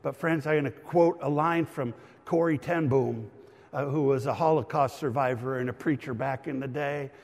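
A middle-aged male pastor preaching a lively sermon, explaining words and raising his voice for emphasis. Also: medium pitch, moderate pace, long reverb tail. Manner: animated, shouts for emphasis, teaching aside.

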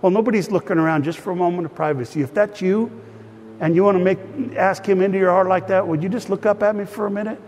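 A man's voice: high voice, fairly even intonation, fast talker, darkish tone, a little hiss or hum. A man preaching as a pastor, speaking earnestly and directly to his congregation, then leading them in prayer. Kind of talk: sermon with prayer. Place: church sanctuary. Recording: long reverb of a church hall.

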